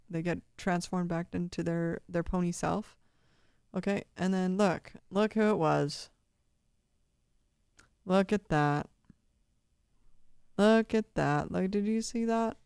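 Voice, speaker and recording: A woman rambles through casual video commentary, cursing freely and laughing often. Her voice is low-set, mellow and smooth, recorded close and dry. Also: no room sound.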